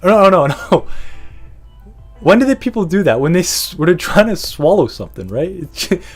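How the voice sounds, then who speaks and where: A man's voice: high-pitched, big pitch swings, moderate pace, slightly rough, faint music behind. A man hosting a podcast, rambling through a profane, casual rant and laughing often. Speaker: podcast host.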